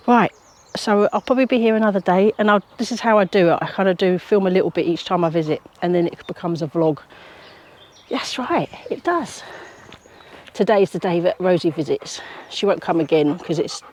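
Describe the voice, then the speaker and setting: A woman chatting casually as a gardening vlogger, talking to her dog and now and then dropping to a soft whisper. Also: on the low side, moderate pace, a little hiss or hum. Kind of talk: casual vlog chat. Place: outdoor allotment and a quiet home.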